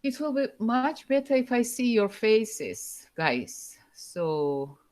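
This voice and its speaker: A woman lecturing a university class over a live online call, pausing often and searching for words with fillers. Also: on the high side, sing-song, darkish tone. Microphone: computer microphone over a video call.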